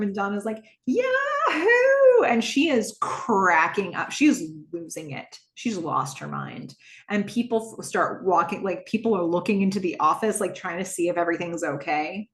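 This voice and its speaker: A woman's voice: medium pitch, brisk, roomy sound. A woman hosting a podcast, casually recapping a TV episode, acting out the characters' lines and laughing often. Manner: retells scenes, acting out lines in shifting voices; laughs often, lively and amused. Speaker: podcast host.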